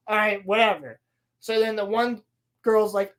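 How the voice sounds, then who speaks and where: A woman on a podcast, casually recapping a show with sarcasm and a lot of swearing, slipping into quick playful voices for quoted lines. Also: medium pitch. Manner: sarcastic, profane, mocking. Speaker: podcast co-host reviewing a TV show. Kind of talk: casual chat.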